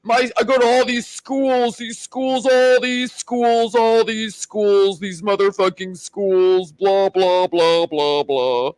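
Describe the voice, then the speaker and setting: A woman voicing a smug, bragging young male Marine in a drawn-out, mocking way. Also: medium pitch, fairly even intonation, darkish tone, no echo, lightly acted, rough recording.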